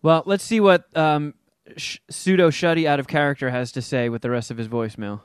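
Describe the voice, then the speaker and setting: A man co-hosting a casual podcast, making wry, deadpan asides. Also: a little high, fairly quick, clean tone. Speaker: podcast co-host.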